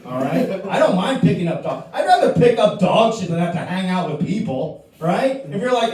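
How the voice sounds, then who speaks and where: A man, a comic, ranting crude and profane in a stand-up debate, often shouting. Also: high voice, big pitch swings, normal speed, few pauses. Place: comedy club stage. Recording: very echoey room from far off.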